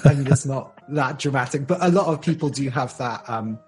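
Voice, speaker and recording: A man's voice: a little high, moderate pace, breathy edge, soft background music. An Englishman from Bath with a West Country accent, chatting casually and explaining things with lots of examples and laughs. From England (Bath, Somerset). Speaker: conversation partner, English speaker. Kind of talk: casual chat.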